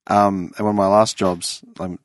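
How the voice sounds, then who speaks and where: Australian man, low-pitched, dry studio mic sound, relaxed storytelling with some swearing, podcast chat. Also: normal speed, no echo. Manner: laid-back anecdotal, casual swearing. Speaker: podcast host.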